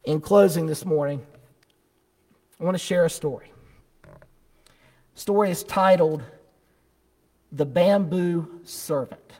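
Slow, high-voiced preacher in reverb. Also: male voice. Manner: slow, deliberate and emphatic. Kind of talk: sermon with storytelling.

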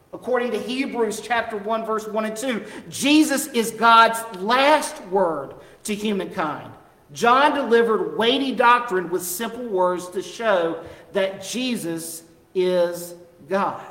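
Slow, emphatic preacher in an echoing hall. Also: medium pitch. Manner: emphatic, repeats key phrases for stress. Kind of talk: sermon. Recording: echoey hall with long reverb.

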